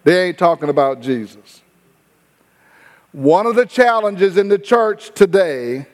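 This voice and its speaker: A man's voice: high voice, animated, big-room sound. A man preaching a sermon to his congregation in a church, talking in a conversational, folksy way and stretching out words to stress them. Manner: conversational preaching, drawn-out emphasis, folksy phrasing. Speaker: pastor. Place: church sanctuary.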